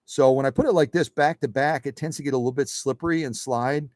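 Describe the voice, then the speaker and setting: A man's voice: mid-range voice, fast talker, darkish tone, no room sound, clean studio sound. A man hosting a sewing machine live stream in a workshop, chatty and folksy, often repeating his phrases. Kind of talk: casual demonstration talk.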